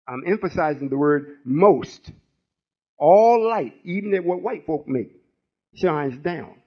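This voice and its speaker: A slightly high male voice with vocal fry and a breathy edge belongs to a spiritual teacher in his late sixties. He delivers a rambling, folksy sermon-style teaching, checking in with listeners through call-and-response, captured on a muffled lo-fi recording.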